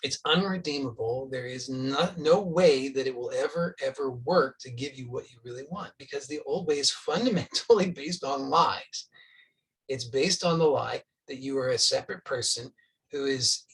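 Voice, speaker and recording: A man's voice: medium pitch, moderate pace, a bit bright, distant mic, low-quality recording. A man giving a spoken spiritual teaching, earnest and insistent, repeating points for emphasis.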